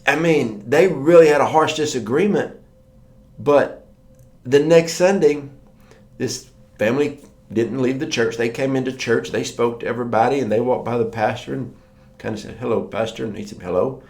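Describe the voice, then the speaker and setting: Man preaching, middle-pitched, chatty storyteller who voices the people he quotes. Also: normal speed, darkish tone. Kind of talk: sermon.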